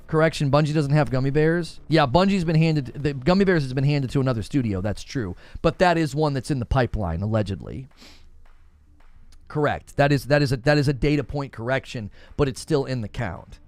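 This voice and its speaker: A man with a medium-pitched voice hosts a casual gaming news livestream, speaking briskly and animatedly straight to his chat. He mimics other people in a raised voice, with faint music behind and no echo.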